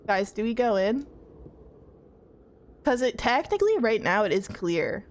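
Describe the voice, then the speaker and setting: Ängstliche Streamerin, hohe Stimme. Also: female voice, a little high, very animated, unhurried. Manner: jittery, talks to chat, checks off items aloud. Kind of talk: casual horror game let's play.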